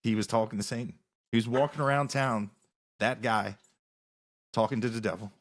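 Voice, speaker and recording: A man's voice: fairly low pitch, normal speed. A man, a musician guest on a podcast, telling rambling stories in casual interview talk with many restarts.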